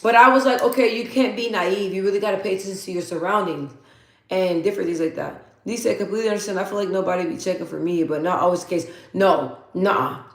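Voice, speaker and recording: A woman's voice: mid-range voice, fast. A woman in her thirties hosting a casual live chat. She tells stories, repeats her points for emphasis, and reads out viewer comments. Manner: chatty storytelling, repeats phrases for emphasis. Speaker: livestream host. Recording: roomy echo.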